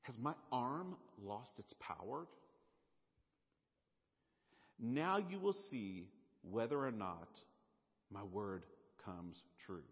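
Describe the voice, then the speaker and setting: A man voicing a calm, commanding God. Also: on the low side, slow pace, husky, voice pushed down, exaggerated voice. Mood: solemn. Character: calm, commanding male deity. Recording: dull lo-fi sound, long hall reverb.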